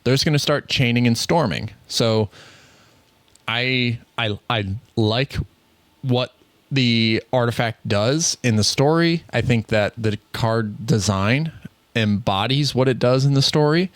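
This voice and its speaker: A man's voice: medium pitch, measured pace, no room sound. Rambling Midwestern man, dry close mic. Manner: rambling, self-correcting, laughs often. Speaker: podcast co-host. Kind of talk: casual card game chat.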